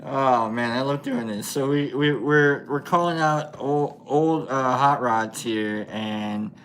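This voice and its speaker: A man's voice: medium pitch, takes it slowly, a bit bright, slight background noise. A man hosting a casual livestream, chatting with viewers while he paints, laughing often and thinking aloud with many fillers. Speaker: livestream host.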